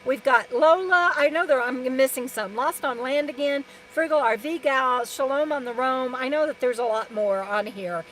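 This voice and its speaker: A woman's voice: high-pitched, normal speed, few pauses, a bit bright, low-quality recording. A woman from Texas, hosting a casual live stream from her camper and reading out viewer comments in a rambling, chatty way full of restarts and fillers. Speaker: RV lifestyle vlogger.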